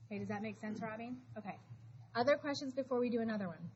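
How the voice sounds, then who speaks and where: A woman teaching math to a high school class, talking briskly and calling students back to attention. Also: lively intonation, a little mellow. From Florida. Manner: brisk, shushing, calls for attention. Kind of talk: classroom lesson. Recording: dull classroom recording with noise.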